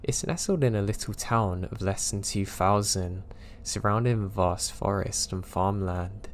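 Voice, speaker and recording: A man narrating true scary stories in a steady, low-key storytelling voice. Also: unhurried, a little hiss or hum. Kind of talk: scripted narration of listener stories.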